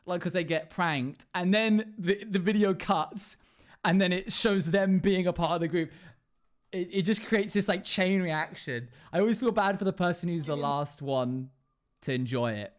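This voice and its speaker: A man's voice: high voice, normal speed. A young man livestreaming casually, chatting with viewers, laughing often and humming to himself. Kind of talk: casual chat with live chat while gaming.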